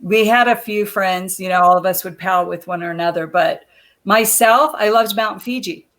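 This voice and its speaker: A woman's voice: mid-range voice, moderate pace, a bit bright. Chatty woman telling wrestling stories. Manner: chatty storyteller, laughs often. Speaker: guest, former wrestler. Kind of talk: casual interview chat.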